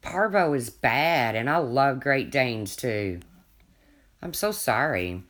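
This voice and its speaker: Livestreamer, casual chat, rambling storyteller, frequent restarts, mid pitch. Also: animated, slow, fairly bright tone. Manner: chatty, rambling, restarts often, laughs at own stories.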